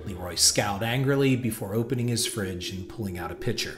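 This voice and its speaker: A man giving a measured, dramatic scripted narration of a horror story. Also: on the low side. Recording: noisy hiss behind voice.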